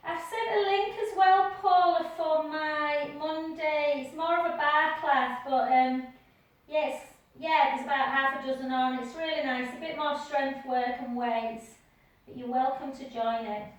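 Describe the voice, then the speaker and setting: A woman leading a live pilates class from home, cueing gently with counts and chatty asides. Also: high voice, steady tone, a little slow. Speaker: pilates instructor. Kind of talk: live online class instruction. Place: home room with dog nearby. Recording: echoey room heard from a distance.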